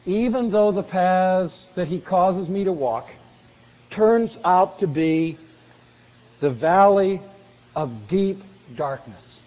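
A man preaching a sermon earnestly, slowing down for emphasis and dropping soft on key phrases. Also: sits high, animated. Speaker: pastor. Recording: dull lo-fi recording in a reverberant hall.

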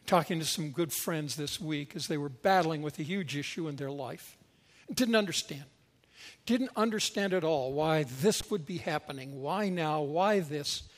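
High-voiced male preacher in an echoey hall. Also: normal speed. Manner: expressive storytelling, emphatic. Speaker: pastor. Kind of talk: sermon.

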